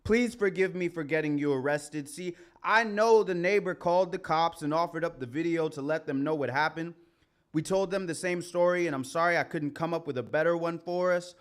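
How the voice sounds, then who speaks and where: A man performing a confessional spoken-word poem at an open mic, in a measured delivery. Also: on the high side. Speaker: performing poet. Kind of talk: spoken-word poetry recital. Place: community center stage.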